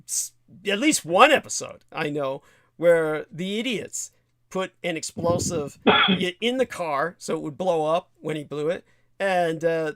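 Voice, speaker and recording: A man's voice: fairly high pitch, fairly bright tone, dry recording. A man hosting a livestream talk show, rambling and emphatic, swearing freely as he tells a story. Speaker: show host.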